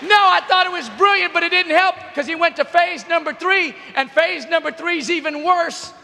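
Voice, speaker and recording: A middle-aged man giving a comedic talk to teens, telling animated stories and often shouting. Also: very high-pitched, moderate pace, creaky, a faint crowd, a little hiss or hum. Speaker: youth speaker. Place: large arena. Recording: long echo of a big arena.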